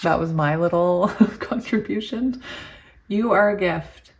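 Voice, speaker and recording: Giddy, lowish-voiced woman tarot reader. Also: slow. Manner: giddy and excitable, laughs often. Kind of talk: reading oracle cards aloud with chatty asides.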